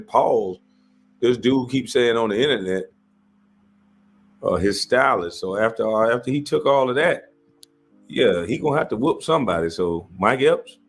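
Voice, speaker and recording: A husky man, ranting in mocking commentary and putting on high voices to mimic others. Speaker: commentator reacting to a controversy. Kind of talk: animated rant commentary.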